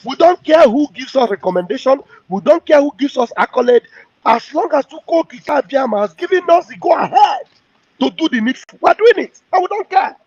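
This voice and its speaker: A man's voice: very high voice, big pitch swings, fairly quick, dry recording. A male host, giving heated, mocking political commentary. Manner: heated, mocking, acts out quotes. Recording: dull, dry lo-fi audio.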